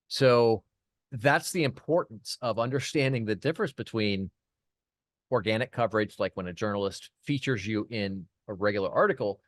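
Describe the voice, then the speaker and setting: A man talking as a podcast guest, telling a work story in a casual, lively way, often restarting his sentences. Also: fairly low pitch, dry recording, studio quality. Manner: animated anecdote teller, many restarts. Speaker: podcast guest, PR firm founder.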